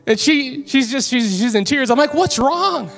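A woman preaching a sermon in church. She tells a personal story in an animated way and builds to emphatic calls to her listeners. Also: a little high, normal speed, soft background music. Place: church sanctuary.

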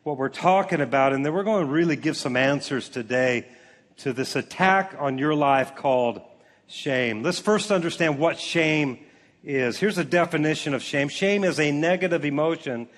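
A man preaching to a congregation with a fairly high voice. He reads scripture slowly and jokes with the crowd in an animated delivery. The sound carries a long reverb from a big hall. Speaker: pastor. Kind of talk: sermon. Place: large church auditorium.

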